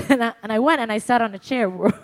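A woman casually telling an embarrassing story in a chat, animated and laughing often as she talks. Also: fairly high pitch, fast talker.

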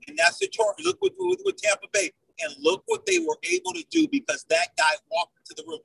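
Heated sports-talk man: high, lively pitch, gravelly edge, slightly distant mic. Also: fairly quick, no echo. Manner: loud, emphatic, repeats "I'm telling you right now".

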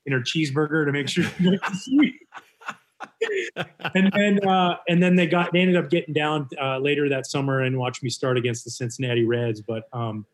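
Male guest, Canadian-raised, forties, lively storyteller, casual. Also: a little high, moderate pace. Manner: animated storyteller acting out quotes. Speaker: former baseball pitcher, guest.

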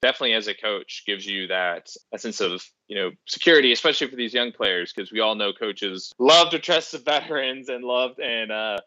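A man co-hosts a hockey podcast in loose, rambling chat, full of restarts and "you know"s. His low voice sounds bright and forceful. The recording is dry and a little dull. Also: fairly quick, few pauses, dry recording. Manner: rambling, many fillers and restarts. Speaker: podcast co-host. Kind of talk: casual chat.

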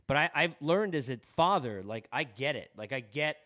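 A man's voice: on the high side, animated, moderate pace, bright, forceful tone. A man with a Long Island New York accent, hosting a podcast and speaking earnestly and candidly in a personal monologue, often repeating words as he goes. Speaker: podcast host.

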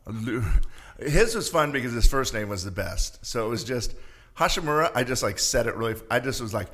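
A man chatting as a guest on a podcast, telling funny stories with an animated, laughing delivery. His pitch swings widely as he acts out conversations. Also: a little fast. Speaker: arena announcer as podcast guest. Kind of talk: casual chat.

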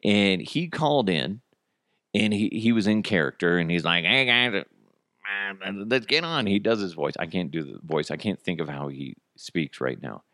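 A low-voiced man chatting on his comedy podcast. His pitch swings up and down in lively bursts as he rambles from one aside to the next. The sound is close and dry. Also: no room sound. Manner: rambling, animated storytelling with quick asides. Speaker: podcast host. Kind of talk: casual comedic chat.

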